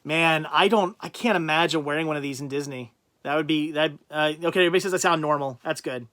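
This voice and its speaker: A man hosting a casual livestream, rambling and thinking out loud as he reads out and answers viewers' chat comments. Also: a little high, fast talker. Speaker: livestream host.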